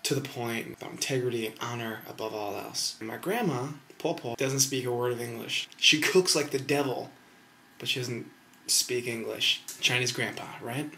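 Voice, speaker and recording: A man in his twenties from the United States tells comic family stories straight to camera. His delivery is animated and freely profane, and his voice sits at an average male pitch. A faint background noise runs under his talk. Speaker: vlogger. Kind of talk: casual comedic vlog monologue.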